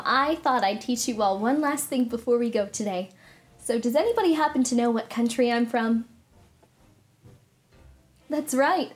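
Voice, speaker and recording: A woman's voice: fairly high pitch, a little mellow, close to an everyday voice. A young woman playing a kind storybook princess, telling a story and teaching children in a sweet, cheerful, teacherly way. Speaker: party character performer.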